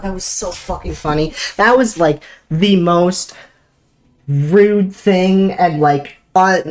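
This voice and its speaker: A young woman streamer telling a work story in casual chat, animated, swearing casually and breaking into laughter. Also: deep voice.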